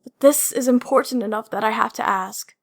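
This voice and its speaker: A grave, insistent armored hero leader, read by a woman narrator in an audiobook. He apologizes but keeps pressing, earnest and steady, in a voice sitting a little high. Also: a little fast. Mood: earnest pleading.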